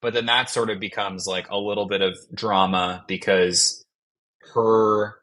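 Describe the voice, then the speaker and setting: A man's voice: on the low side, fairly even intonation, unhurried, a bit bright. A man joining a podcast as a guest, chatting casually and easily about a film. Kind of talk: casual movie review chat.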